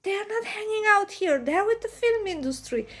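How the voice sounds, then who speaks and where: A woman telling a spooky story for a vlog, dramatic and often dropping to a hushed whisper. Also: very high-pitched, expressive, moderate pace.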